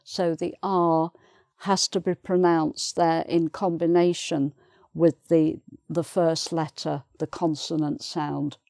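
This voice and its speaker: A British woman teaches pronunciation at an unhurried pace, her voice sitting a little low. She repeats each example word carefully and patiently. The sound is dry and close, with no room echo. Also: level tone, gravelly, mellow. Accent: British English. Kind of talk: pronunciation lesson.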